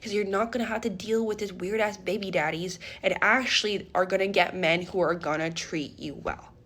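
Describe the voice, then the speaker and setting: A woman voicing her friend, an adult woman giving calm, matter-of-fact advice. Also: mid-range voice, normal speed, voice pushed down, natural voice. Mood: advising.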